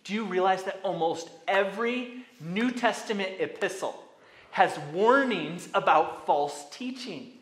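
Emphatic high-voiced preacher in an echoey hall. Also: male voice, animated, unhurried. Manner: emphatic, swings between hushed asides and loud commands. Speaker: pastor. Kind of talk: sermon.

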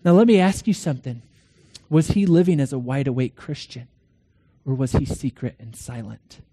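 A middle-aged man preaching a sermon, earnest, swinging between loud questions and hushed lines, telling stories with quoted dialogue. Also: mid-range voice, lively intonation, normal speed, slightly rough. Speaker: pastor.

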